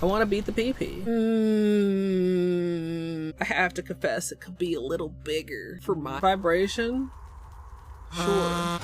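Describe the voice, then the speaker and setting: A woman's voice: fairly low pitch, slow, pauses often, soft background music. A woman streaming casually, cracking crude jokes and exclaiming playfully. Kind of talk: casual livestream chat.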